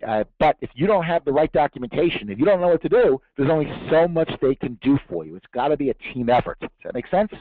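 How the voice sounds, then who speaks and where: A man's voice: on the high side, animated, fast, hardly any pauses, no echo. A man giving a tax seminar to an audience, emphatic, with rhetorical questions and jokes. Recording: tinny narrow-band dry recording.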